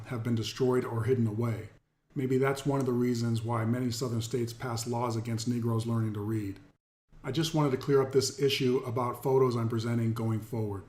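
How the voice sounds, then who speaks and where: A man's voice: mid-range voice, darkish tone. A man hosting a commentary video, reading articles aloud and stressing key words, often speaking to viewers as folks. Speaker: host.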